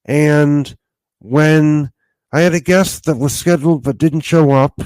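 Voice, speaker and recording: Podcast host guy, kinda higher voice, stops and restarts a lot, dry sound. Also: steady tone, a little mellow, no room sound. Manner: halting, many fillers and restarts while asking. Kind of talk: podcast interview.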